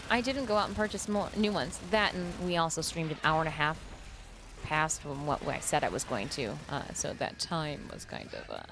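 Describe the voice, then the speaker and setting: A woman's voice: low voice, very animated, normal speed, background noise. A woman chatting casually while streaming a video game, laughing often and rambling into asides at her desk mic. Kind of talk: casual chat while gaming.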